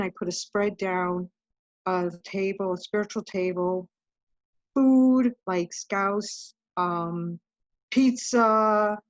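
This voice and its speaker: A woman's voice: on the low side, no room sound, lo-fi sound. A woman guest telling a personal story in a casual, chatty way, often saying "I'm like". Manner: chatty, recounts events with lots of "I'm like". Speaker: podcast guest.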